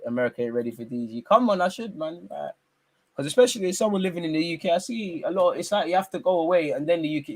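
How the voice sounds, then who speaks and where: Young male watch-along host, loose and slangy, with loud teasing bursts. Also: fairly high pitch. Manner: teasing, slangy banter with sudden excited outbursts. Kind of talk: live football watch-along commentary.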